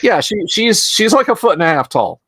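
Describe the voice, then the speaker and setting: A man's voice: high voice, sing-song, fairly quick, a bit bright, no room sound. A man running a tabletop game on a livestream, rambling and chuckling through asides. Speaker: game master.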